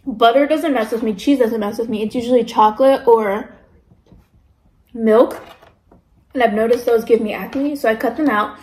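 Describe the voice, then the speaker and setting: A chatty young woman talks through a casual eating vlog and slips into other people's voices as she tells her stories. Her voice sits a little high. The room around her is noticeably echoey. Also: normal speed, long pauses. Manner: chatty, animated storytelling with mimicked voices. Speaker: mukbang vlogger. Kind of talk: casual chat while eating.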